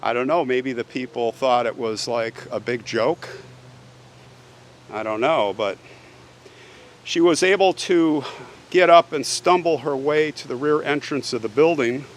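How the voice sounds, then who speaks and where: A man's voice: mid-range voice, measured pace, long pauses. A man hosting a show, retelling a true crime case in a casual, conversational way and often asking the listener "right?". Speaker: host, true crime storyteller.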